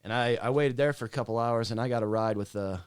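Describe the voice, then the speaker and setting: A man's voice: mid-range voice, fast talker, clear, resonant tone, no room sound, studio quality. A man who writes and sings his own songs, a podcast guest telling a story in a laid-back, casual way and swearing freely. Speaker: guest singer-songwriter.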